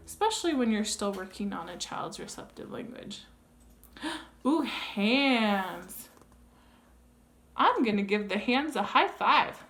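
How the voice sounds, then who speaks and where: A woman modeling a board book read-aloud for toddlers, with gasps and playful sound effects, and explaining tips to parents. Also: a little high. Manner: slow, exaggerated and sing-song, with gasps and sound effects. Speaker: early childhood educator.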